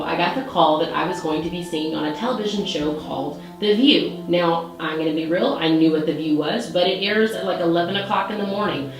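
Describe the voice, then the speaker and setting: A young woman in her twenties hosting her own show, telling a story in a bubbly, chatty way full of likes. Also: on the low side. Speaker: show host. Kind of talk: casual storytelling. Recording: very echoey room.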